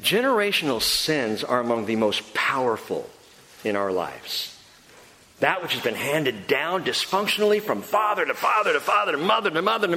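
Male pastor, lively emphatic preaching, long hall reverb, repeats key lines. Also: high-pitched. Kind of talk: sermon.

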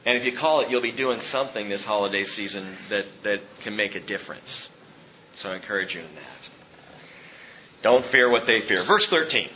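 A man's voice: mid-range voice, very animated, moderate pace, pushed and bright, a little hiss or hum. A pastor preaching a sermon to his congregation, earnest and exhorting, laughing at himself now and then. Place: church sanctuary. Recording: dull lo-fi sermon recording.

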